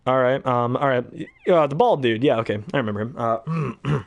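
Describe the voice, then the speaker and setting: A man's voice: medium pitch, normal speed, vocal fry, dry recording, lo-fi sound. A young man, a hobby voice actor, chatting casually and self-deprecatingly about impressions, rambling with chuckles.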